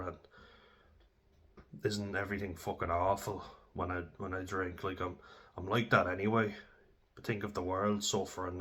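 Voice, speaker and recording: A young Irish man tells candid, sweary stories about his own drinking in a casual, self-deprecating way. His voice is deep, with a bit of brightness to it.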